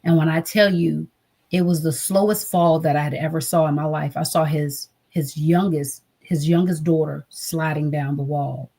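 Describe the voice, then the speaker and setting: An American woman, a trauma advocate appearing as a guest, earnestly shares an emotional personal story and acts out the voices she quotes. Her voice is low-pitched and dark with vocal fry, holding a steady tone at a normal speed.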